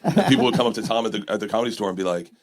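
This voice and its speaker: A man, a guest comedian, telling fast rambling stories in casual podcast banter, laughing often. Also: fairly low pitch.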